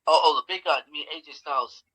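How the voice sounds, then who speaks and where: A man co-hosting a casual podcast, reacting quickly and incredulously. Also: a little high, a bit bright, slightly rough, poor audio. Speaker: co-host. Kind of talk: casual chat.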